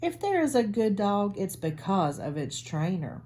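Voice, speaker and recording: A woman's voice: medium pitch, very animated, measured pace, warm tone. A woman voicing a fussy, dramatic mother cat in a picture book, speaking emphatically. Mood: emphatic. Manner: emphatic, theatrical.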